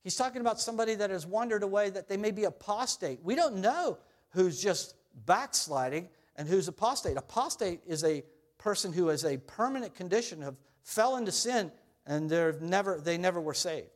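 A man's voice: expressive, moderate pace. Earnest man preaching a sermon. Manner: earnest preaching, rising loud on quotes then dropping low. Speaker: pastor.

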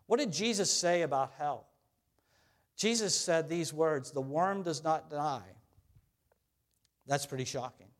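A middle-aged male pastor delivers a sermon in a somewhat high voice. He preaches earnestly, rising loud and high when quoting scripture and sinking low and soft when asking his listeners questions. His talk is plain and direct, with a few restarts.

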